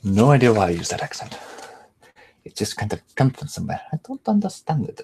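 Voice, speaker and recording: A man's voice: mid-range voice, big pitch swings, fairly quick, darkish tone, slightly rough. A male impressionist chatting casually to viewers on a livestream, rambling and self-mocking. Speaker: impressionist streamer.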